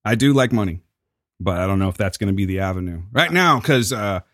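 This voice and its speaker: A man's voice: fairly low pitch, lively intonation, fairly quick, fairly bright tone, no echo, clean studio sound. A man co-hosting a podcast in casual chat, bantering with boastful, joking asides. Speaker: podcast co-host.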